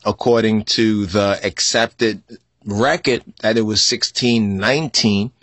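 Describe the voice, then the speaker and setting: A man teaching scripture in a repetitive style, asking "right?" again and again and breaking into loud outbursts. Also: fairly low pitch, steady tone, slow, no room sound. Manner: repetitive, asks "right?" constantly, spells out word meanings. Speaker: religious teacher.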